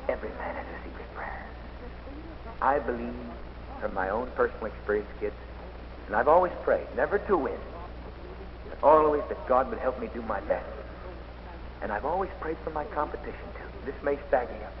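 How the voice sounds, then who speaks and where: Man telling dramatic stories in an old hall recording. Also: mid-range voice. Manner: dramatic storytelling, swinging from loud excitement to hushed intensity. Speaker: athlete giving an inspirational speech. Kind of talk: inspirational speech. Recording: old dull recording in an echoey hall with faint noise.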